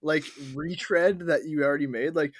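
A man's voice: on the high side, fairly even intonation, normal speed, dry recording, clean studio sound. A man co-hosting a casual movie review podcast, blunt and opinionated, filling his talk with "like". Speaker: podcast co-host.

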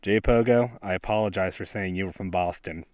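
A man's voice: deep voice, brisk, a little mellow, a little hiss or hum. Laid-back West Virginian man outdoors. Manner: laid-back, self-deprecating. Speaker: podcast host. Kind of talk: casual outdoor podcast talk. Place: snowy forest outdoors by a stream.

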